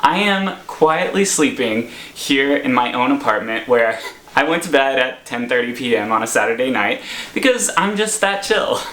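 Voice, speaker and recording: Animated young man telling a story. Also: mid-range voice, normal speed, echoey room. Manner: animated, laughing, dramatic storytelling. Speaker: vlogger. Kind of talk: storytime vlog. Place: his apartment.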